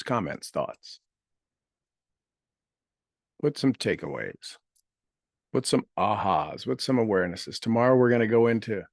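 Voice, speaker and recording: Man, meditation guide, very slow and gentle, repeats phrases, dry close sound. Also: on the low side, dry recording. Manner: slow, soft, repeats each phrase with long pauses. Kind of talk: guided meditation with call-and-response affirmations.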